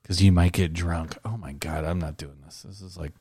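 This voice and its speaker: A man's voice: sits low, steady tone, moderate pace, mellow, breathy edge, no echo, studio quality. A man hosting a casual podcast chat, reading out news items and laughing often. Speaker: podcast host.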